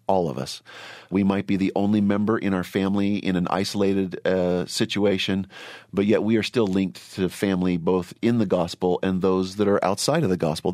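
A middle-aged man hosting a religious panel discussion, speaking earnestly and deliberately, often repeating words as he starts a thought. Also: deep voice, darkish tone, dry recording, clean studio sound. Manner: earnest, measured, repeats himself. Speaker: host.

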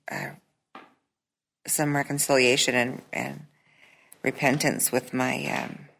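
A woman's voice: extremely low pitch, vocal fry, a bit bright. A middle-aged woman telling her own story at a recovery meeting, hesitant, with many fillers and restarts. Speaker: recovery meeting member sharing. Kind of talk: personal testimony at a support meeting.

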